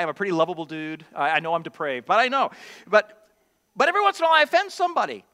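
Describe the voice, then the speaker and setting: A male pastor delivering a sermon with a bright, forceful tone. He acts out the voices of his congregation, climbing into high, loud exclamations, then sinks low and slow for earnest points. His delivery is animated and conversational. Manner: animated, acts out quoted voices, dramatic pitch swings.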